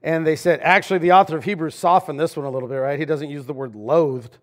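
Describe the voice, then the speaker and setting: A pastor preaches in a conversational way. His voice sits a bit high for a man. He jumps between loud emphasis and quiet asides as he speaks to the congregation. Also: fairly even intonation, fast talker. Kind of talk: sermon. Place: church sanctuary.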